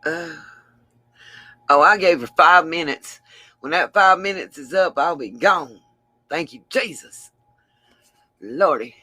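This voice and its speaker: A woman's voice: low voice, takes it slowly, long pauses, bright, forceful tone, no room sound. A woman hosting a livestream, chatting affectionately with viewers and laughing often, tired after a long stream. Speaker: livestream host. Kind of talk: casual livestream sign-off chat.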